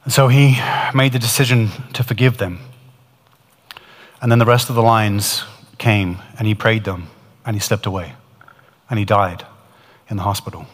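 A man's voice: on the low side, fairly even intonation, normal speed, long pauses. Earnest male preacher with hall reverb. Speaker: preacher retelling a testimony. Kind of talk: storytelling sermon.

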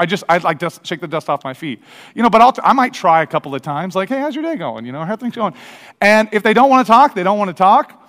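Fast-talking man preaching in a hall. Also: high voice. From American Midwest. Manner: energetic, conversational, many restarts and acted-out quotes. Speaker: pastor. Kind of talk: sermon with personal stories. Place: church sanctuary. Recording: long reverb of a large hall.

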